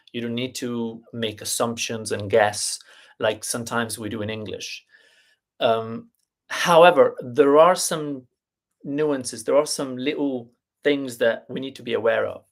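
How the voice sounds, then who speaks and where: A man teaching a live online language lesson, explaining deliberately with fillers and restarts and spelling out letters and sounds one by one. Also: mid-range voice. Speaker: Italian teacher.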